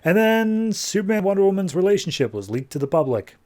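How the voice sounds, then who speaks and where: A man hosting a podcast, casually recapping a comic issue in an animated way, leaning on "like" as he retells the scenes. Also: sits high, a little fast. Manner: animated retelling, acts out characters' lines, heavy use of "like". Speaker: podcast host.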